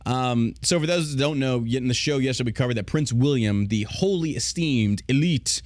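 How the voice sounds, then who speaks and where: A man's voice: mid-range voice, fast, no room sound, clean studio sound. A man hosting a podcast, ranting in casual, profane, sarcastic commentary. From United States. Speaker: podcast host.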